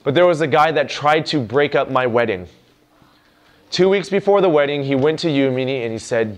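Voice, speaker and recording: A young adult man giving a lively youth sermon, acting out parents and children in quoted lines. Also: mid-range voice, brisk. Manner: animated, acts out quoted lines. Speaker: youth speaker.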